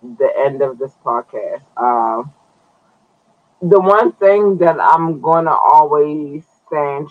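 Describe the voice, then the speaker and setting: Over narrow, tinny audio, a man with a fairly high voice hosts a podcast as casual live-stream news commentary. He chats loosely with his viewers, cursing and stretching out his words.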